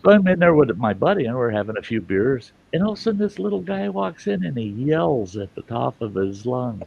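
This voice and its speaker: A man's voice: medium pitch, sing-song, fairly quick, creaky, darkish tone, husky, muffled recording. A man telling a rambling, profane anecdote in a casual, chuckling way, as the host of a storytelling show.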